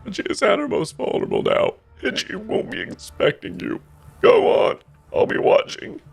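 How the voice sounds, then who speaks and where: A man voicing a sinister male stranger in a high, breathy half-whisper, coaxing and menacing. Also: wildly swooping pitch, moderate pace, heavily acted.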